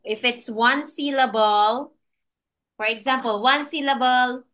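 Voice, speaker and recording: A woman's voice: high-pitched, a little slow, fairly bright tone. A woman tutoring a child in English over a video call, patient and encouraging, laughing often. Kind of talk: one-on-one online lesson for a child.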